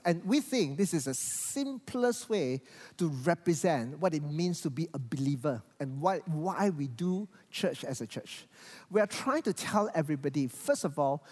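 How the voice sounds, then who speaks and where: A pastor delivers a sermon, and his pitch rises and falls in lively, animated swings. He often repeats words as he goes. A long reverb from the church hall trails behind his voice.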